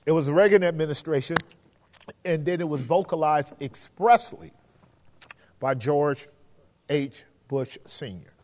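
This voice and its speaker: Guy preaching bible study, kinda high voice, big echoey hall, asks if it makes sense. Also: a little slow, long pauses, a little mellow. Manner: preachy, checks in with listeners, rises when quoting scripture. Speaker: pastor teaching a Bible study. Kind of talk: conversational sermon teaching.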